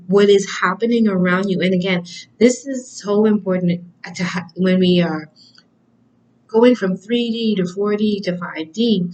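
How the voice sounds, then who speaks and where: A woman's voice: mid-range voice, darkish tone, poor audio. A woman giving a spiritual talk in an earnest, conversational way, often searching for words. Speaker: spiritual reader.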